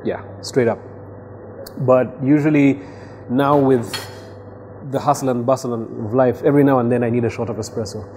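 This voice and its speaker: A man's voice: medium pitch, steady tone, normal speed, dark tone, slight background noise. A man, a radio presenter chatting easily as a guest in a coffee shop. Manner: easygoing, jokey, reflective. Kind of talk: casual interview chat.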